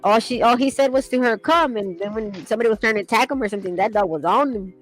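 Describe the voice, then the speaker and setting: A woman's voice: medium pitch, racing, faint music behind, rough recording. A woman in casual chat, telling rambling stories with frequent laughter and casual swearing. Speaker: streamer chatting while sketching.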